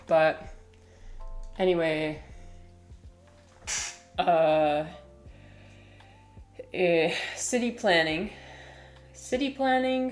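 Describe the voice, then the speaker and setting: A woman livestreaming in casual chat, rambling and hesitant with many fillers and restarts, now and then cooing softly to her cat. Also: mid-range voice. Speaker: livestreamer and teacher.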